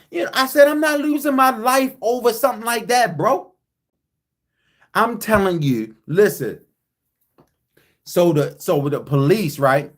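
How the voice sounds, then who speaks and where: Emphatic storytelling man, higher voice. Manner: emphatic, repeats "listen to me" and "right?"; acts out quoted voices with big pitch jumps. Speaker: podcast host. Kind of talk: animated storytelling to listeners.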